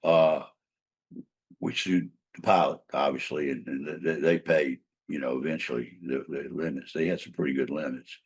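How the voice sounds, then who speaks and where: A man's voice: a bass voice, steady tone, normal speed, slightly rough. An older man, a trial lawyer and mediator, telling a long case story in a casual interview, rambling with fillers and restarts.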